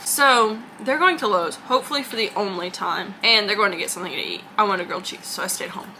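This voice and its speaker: A woman's voice: medium pitch, fast, pushed and bright, slight background noise. A young woman chatting to her camera at home, rambling and self-deprecating as she vlogs. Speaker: vlogger. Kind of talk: casual vlog chat to camera. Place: at home indoors.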